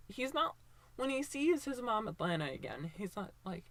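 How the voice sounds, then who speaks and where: A woman's voice: fairly high pitch, sing-song, unhurried, fairly bright tone, no echo. A woman in her twenties giving casual, opinionated commentary, rambling with lots of fillers and restarts. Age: 20s.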